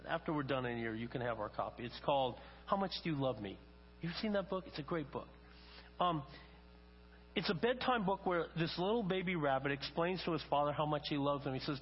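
A fast-talking older pastor with a mid-range voice delivers a sermon full of stories and acted-out quotes that build in emphasis. The sound is lo-fi and dull, with long reverb and a faint hum from the mains.

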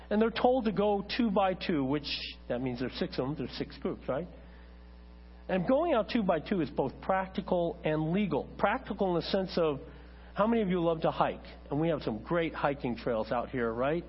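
A man preaching a sermon as a pastor, talking conversationally to his congregation and turning animated when he tells a story. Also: fairly high pitch. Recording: dull lo-fi church recording with mains hum.

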